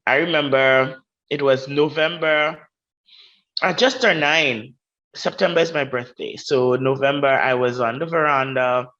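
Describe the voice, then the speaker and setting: A woman's voice: a bass voice, fairly bright tone, muffled recording. A woman with a Grenadian accent, a podcast guest telling a personal story and acting out the voices of the people in it. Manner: vivid, acts out quoted voices.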